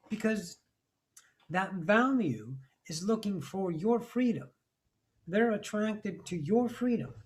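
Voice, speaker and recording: A man's voice: high voice, a little mellow. Intense, profane man giving a spiritual talk. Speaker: spiritual teacher.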